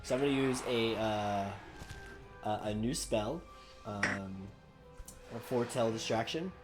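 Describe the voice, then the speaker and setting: A man playing in an online tabletop game who jokes, sounds unsure and thinks out loud. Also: lowish voice, measured pace. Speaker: player. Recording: clear music underneath.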